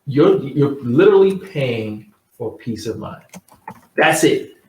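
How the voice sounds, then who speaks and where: Slow and lively in intonation, a mid-range male host hands out insurance advice straight to camera in a casual, blunt way, poking fun at excuses and repeating points. The lo-fi audio sounds roomy, picked up by a faraway mic.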